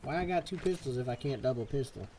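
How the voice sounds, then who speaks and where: A man streaming a western game live, chatting casually and swapping swear words for softer ones. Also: medium pitch, lively intonation, quick pace, a little hiss or hum. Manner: chatty, swaps swears for "fudge". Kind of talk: live gameplay commentary. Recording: game music behind the voice.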